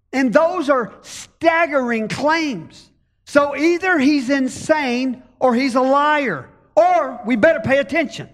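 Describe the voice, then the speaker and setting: A male pastor with a strikingly high voice delivers a sermon in an unhurried, measured way. He talks conversationally and poses rhetorical questions to his congregation. His words ring out with a long reverb from the church hall. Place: church stage.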